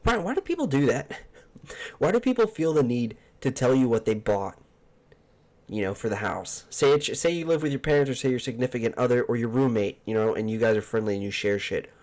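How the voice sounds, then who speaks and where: This man runs a casual solo podcast from a home room on headphones and a desk mic, his mid-range voice a little mellow, brisk, and lively in intonation. His talk is a profane, exasperated rant.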